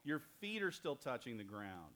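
A man with a mid-range, sing-song, slightly bright voice speaks at a normal speed while leading a children's church lesson. Telling the story as a playful Bible lesson, he jokes around and asks the kids questions.

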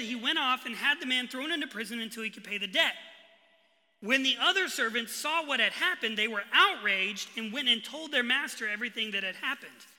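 A man preaching a sermon as pastor, swinging between forceful emphasis and hushed, quiet lines. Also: very high-pitched, big-room sound. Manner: preaching with sudden bursts of emphasis and hushed drops. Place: church hall.

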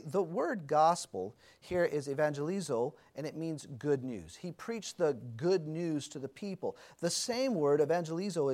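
A man leads an adult Bible class in a relaxed, conversational way, putting questions to the group and stopping to fix his own slips. His speaking voice sits a little high for a man. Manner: conversational, asks the class questions, corrects himself mid-sentence. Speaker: Sunday school teacher.

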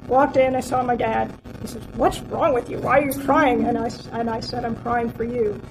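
A woman's voice: on the high side, steady tone, moderate pace, noisy background. A woman sharing a heartfelt personal testimony from a church outreach, talking in a rambling way with many fillers and restarts.

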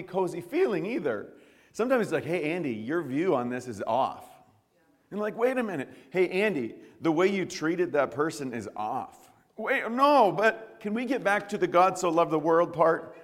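A male pastor from the United States preaching a sermon with prayer and personal stories, a lively, joking storyteller who often restarts his sentences. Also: fairly high pitch. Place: church service. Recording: long reverb of a church hall.

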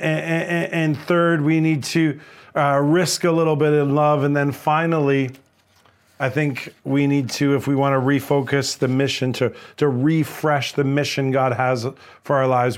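Earnest guy pastor giving a sermon, stumbles and repeats words a lot, mid-pitched voice. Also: level tone, measured pace. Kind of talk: sermon with personal story.

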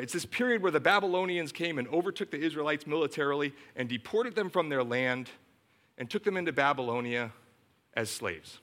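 A man's voice: medium pitch, a bit bright. A middle-aged man preaching a sermon as a pastor, emphatic and storytelling.

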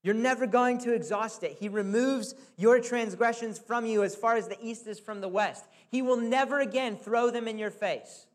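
A man's voice: extremely high pitch, moderate pace, hardly any pauses. A male preacher giving a conversational, earnest sermon, often checking in with the listeners.

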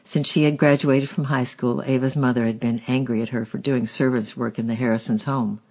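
A man reading a memoir aloud as an audiobook narrator, steady and measured. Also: medium pitch, husky, lo-fi sound.

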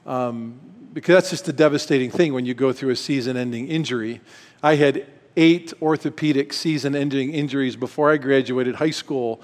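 A middle-aged man giving a casual, story-driven sermon at a retreat, folksy and self-deprecating with quick asides. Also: medium pitch. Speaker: retreat speaker. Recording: long reverb hall.

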